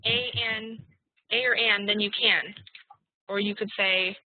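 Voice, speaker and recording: A woman teaching an online English class, spelling out example sentences slowly and deliberately. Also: mid-range voice, steady tone. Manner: slow, deliberate dictation of examples. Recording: tinny, dry call audio.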